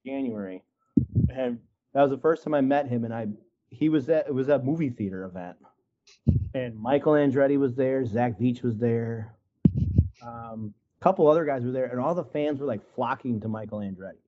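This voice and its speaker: A man's voice: medium pitch, normal speed, dull audio. Rambling man from Wisconsin on a call. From Wisconsin, USA. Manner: rambling, heavy use of "like" and "you know". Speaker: guest artist. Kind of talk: casual storytelling in an interview. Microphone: video call.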